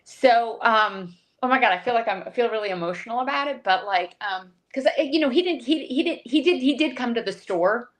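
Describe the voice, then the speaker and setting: A woman's voice: on the high side, lively intonation, brisk, hardly any pauses. A woman who is a podcast guest, telling an emotional personal story with many restarts over a video call. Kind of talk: conversational storytelling.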